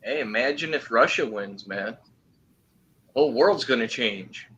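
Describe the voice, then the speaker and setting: A man's voice: mid-range voice, lively intonation, unhurried, fairly bright tone, slight background noise. A man calling into a stream, chatting casually in a laid-back way with short remarks. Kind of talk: casual voice chat.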